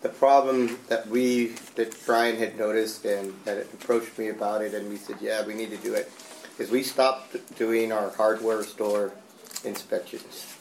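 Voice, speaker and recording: A man's voice: on the low side, flat delivery, unhurried, gravelly. A man from a water division speaking up in a meeting, rambling and repeating his words. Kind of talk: meeting discussion. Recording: echoey room, faint noise.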